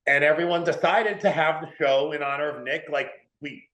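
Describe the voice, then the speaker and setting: In an echoey room, a New England man chats casually as a podcast guest in interview style. He rambles, leaning heavily on "like" and "dude," with a slightly high, fairly bright voice at a moderate pace.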